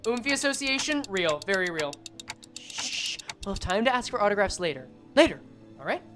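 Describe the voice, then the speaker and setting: A woman's voice: mid-range voice, big pitch swings, music in the background. A woman streamer reading game text aloud and commenting casually, swearing and joking as she goes. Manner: casual, swearing, quick jokes.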